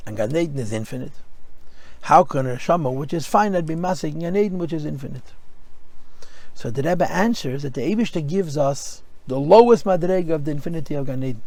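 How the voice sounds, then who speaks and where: Male rabbi, Torah lesson, explanatory with story asides, slightly raised pitch, dry sound. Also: expressive, fairly quick, darkish tone, no echo. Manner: explanatory, storytelling asides, mixes Hebrew and Yiddish terms. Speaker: rabbi teaching a class.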